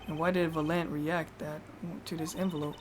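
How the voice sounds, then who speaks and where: Excitable, swearing woman streamer. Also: deep voice, normal speed, background noise. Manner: excitable, swears casually, laughs often. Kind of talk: live game playthrough commentary.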